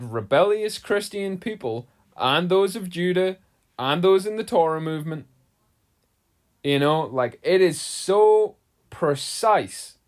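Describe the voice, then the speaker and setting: A man, preaching casually to camera as an online Bible teacher, rambling and conversational. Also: fairly high pitch. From England. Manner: rambling, conversational, heavy use of "like" and "you know".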